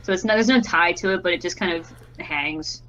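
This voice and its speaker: Casual low-voiced woman on a dull line. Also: a little fast, a bit bright. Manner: giggly, casual, filler-heavy. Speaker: player. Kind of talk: casual chat.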